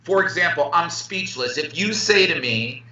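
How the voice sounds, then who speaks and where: Man, playful English teacher, bright tone, distant roomy call sound. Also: on the high side, lively intonation, normal speed, muffled recording. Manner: jokey, theatrical, exaggerates words. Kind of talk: playful live-stream lesson banter. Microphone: remote call audio.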